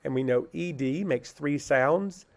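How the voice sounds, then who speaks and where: A man teaching a phonics lesson to children, asking a question and answering it himself, then sounding words out syllable by syllable. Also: fairly high pitch. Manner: slow, patient, asks questions and answers them himself.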